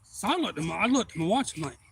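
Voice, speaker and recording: A man, rambling through excitable anecdotes on a casual live stream. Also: high-pitched, fast talker, creaky, background noise. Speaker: livestream host. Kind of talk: casual storytelling.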